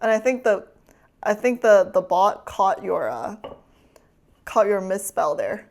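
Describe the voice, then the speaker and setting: A woman's voice: mid-range voice, sing-song, measured pace, a little mellow. A woman streamer chatting casually with her chat while cooking, teasing and laughing often.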